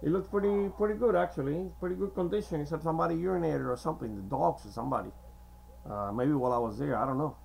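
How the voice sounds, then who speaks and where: A man whose first language is Spanish, talking in a hesitant, meandering monologue to camera with many filler pauses. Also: a little high, creaky, darkish tone, slight background noise, poor audio. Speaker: video blogger. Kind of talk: casual rambling monologue to camera.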